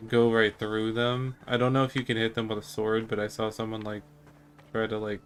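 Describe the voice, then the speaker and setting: A man's voice: mid-range voice, a bit bright. A young man casually commenting while playing a video game, rambling and joking with many fillers. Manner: rambling, joking, lots of 'like'. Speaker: streamer.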